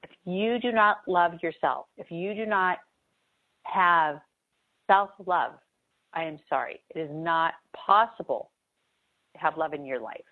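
Woman coaching about manifesting, kinda low voice, repeats stuff for emphasis, sounds like a phone line. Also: unhurried, long pauses. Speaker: spiritual coach. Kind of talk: motivational talk on manifesting.

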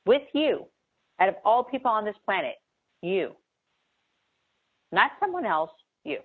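A woman's voice: mid-range voice, very animated, unhurried, breathy edge. A woman giving an earnest, emphatic motivational talk on manifesting, repeating key phrases for emphasis. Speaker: spiritual coach. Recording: tinny phone-like sound.

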